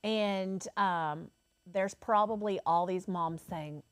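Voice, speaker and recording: Animated chatty woman, dry sound. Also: on the low side, slow, clean tone, dry recording. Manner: animated storyteller, acts out quotes. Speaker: craft channel co-host. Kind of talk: casual chat.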